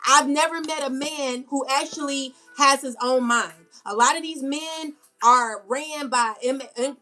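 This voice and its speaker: A woman's voice: high voice, fairly bright tone. A woman tarot reader ranting to camera in unscripted, slangy speech, scolding bluntly and repeating herself for emphasis. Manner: casual slangy speech with many fillers. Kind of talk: unscripted spiritual rant to camera.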